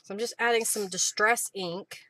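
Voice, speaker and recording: A woman hosting a live craft stream, chatting casually, thanking viewers by name and often clearing her throat. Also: mid-range voice, fairly even intonation, normal speed, bright, forceful tone, dry recording.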